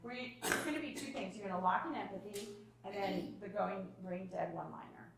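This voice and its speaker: A woman's voice: medium pitch, brisk, creaky. Echoey distant woman leading a workshop. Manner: animated, acts out parent and child lines. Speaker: parenting workshop presenter. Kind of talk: live workshop talk. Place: room with live audience. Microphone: distant room mic. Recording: echoey room from far off.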